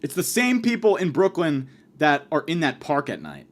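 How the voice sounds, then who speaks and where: Rambling, profane male storyteller. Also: fairly high pitch. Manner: profane, rambling, fast, lively delivery. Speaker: podcast host.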